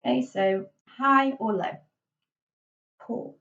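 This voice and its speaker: A woman's voice: on the high side, takes it slowly, creaky, fairly bright tone. Chatty woman teacher, distant and muffled. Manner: chatty, many fillers and "okay"s, gestural. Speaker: drama teacher. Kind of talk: classroom tutorial. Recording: dull, slightly distant lo-fi recording.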